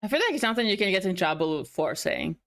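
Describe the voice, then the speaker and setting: A woman's voice: medium pitch, very animated, quick pace, creaky, fairly bright tone. A woman co-hosting a casual stream chat, making dry, teasing remarks.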